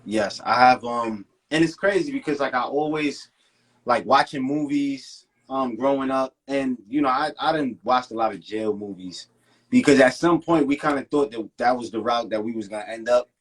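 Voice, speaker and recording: A man's voice: medium pitch, normal speed, rough recording. A man hosting an interview, talking loosely and colloquially with many hesitations. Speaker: host. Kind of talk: casual interview talk.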